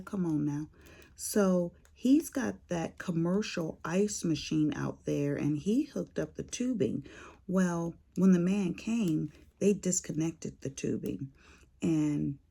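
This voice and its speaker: Older lady vlogging, gravelly low voice, swoops up and down a lot, folksy storyteller. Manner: animated storyteller, folksy Southern-style talk. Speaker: crafting vlogger. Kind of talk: casual chat to viewers.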